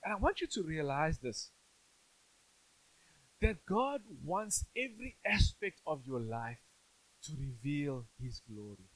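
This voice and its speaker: A man's voice: on the high side, sing-song, slow pace, long pauses, a bit bright, low-quality recording. Playful pastor preaching to his church. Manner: conversational and playful, asks the congregation questions. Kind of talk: sermon.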